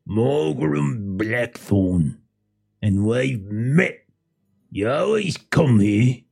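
A man voicing a grumpy, very tall male fisherman who keeps telling the party to be quiet. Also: medium pitch, full character voice. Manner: irritable, shushing, gruff.

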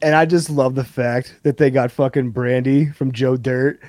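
A man co-hosting a casual movie podcast, excited, swearing often and laughing a lot. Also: mid-range voice, moderate pace, no room sound. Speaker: podcast co-host.

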